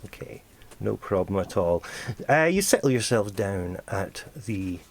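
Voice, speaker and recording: A man running a tabletop game as game master, telling the scene in an animated way and often breaking into laughter. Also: on the low side, measured pace. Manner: animated storytelling with sudden laughs.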